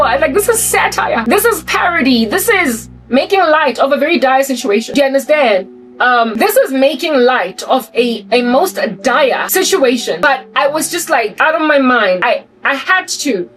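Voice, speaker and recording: A South African woman vlogging to camera, delivering an animated, preachy satirical rant full of repeated rhetorical questions. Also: high-pitched, normal speed. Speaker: Christian vlogger. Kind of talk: ranting satirical monologue to camera. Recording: voice distant from mic, faint music behind.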